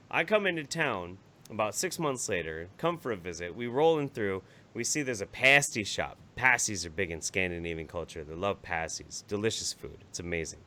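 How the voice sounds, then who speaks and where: A man co-hosting a comedy podcast, telling a story in an animated, profane, rambling way. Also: deep voice, moderate pace. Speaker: podcast co-host.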